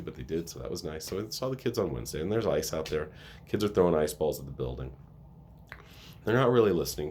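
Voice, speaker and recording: A man's voice: sits low, a little mellow, slight background noise. A man who works at a school, talking earnestly and with emotion in a casual vlog, often restarting his sentences. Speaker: school staff member.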